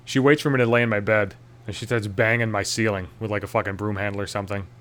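A man's voice: lowish voice, fairly even intonation, fast talker, a bit bright. Exasperated man ranting with constant swearing. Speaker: storyteller. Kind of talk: profane comic rant.

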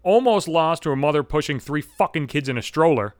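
A man in his mid-thirties hosts a solo podcast in a brash, foul-mouthed, sardonic rant. His voice sits a little high for a man. The sound is dry and close, with almost no room around it. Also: animated, fairly quick, no echo. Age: 30s. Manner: profane, brash, sardonic ranting. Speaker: podcast host.

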